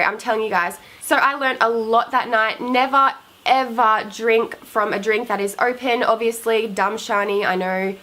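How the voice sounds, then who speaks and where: A woman's voice: a little high, normal speed, pushed and bright, rough recording. Chatty teen girl vlogging. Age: late teens. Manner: chatty and emphatic, talks straight to viewers. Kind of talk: casual storytelling to camera.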